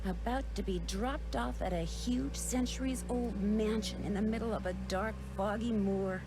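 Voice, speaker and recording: A woman's voice: fairly high pitch, noisy background, natural voice. Nancy Drew, as an actress voices her, young sleuth. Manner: earnest, chatty letter-writing narration. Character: young woman amateur sleuth, curious.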